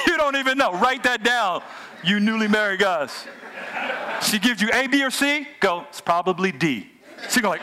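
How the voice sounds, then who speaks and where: A man in his forties preaching a sermon, animated, swinging from loud shouting down to hushed whispers. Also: high-pitched, moderate pace, a crowd in the background, noisy background.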